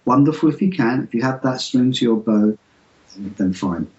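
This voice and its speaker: A middle-aged man talking about meditation in an interview, halting with many fillers and restarts. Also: medium pitch, expressive, a little mellow. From England. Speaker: interview guest. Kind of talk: spiritual interview talk. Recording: roomy, muffled lo-fi audio.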